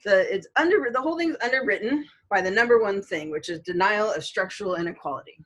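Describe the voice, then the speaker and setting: A woman's voice: mid-range voice, lively intonation, fast, poor audio. A middle-aged woman, a college instructor, giving a recorded online lecture in a conversational way, with many fillers and storytelling asides.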